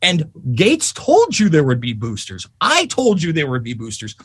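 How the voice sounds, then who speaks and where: Angry, high-voiced ranting man. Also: slightly rough, no room sound. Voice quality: profane, fast and animated. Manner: angry, emphatic storytelling. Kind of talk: heated political rant.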